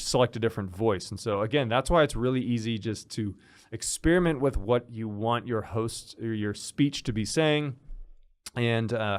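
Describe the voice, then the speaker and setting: A man casually walking through a software tutorial, explaining as he goes with fillers and restarts. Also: medium pitch. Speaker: instructor. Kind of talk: screen-recorded software tutorial.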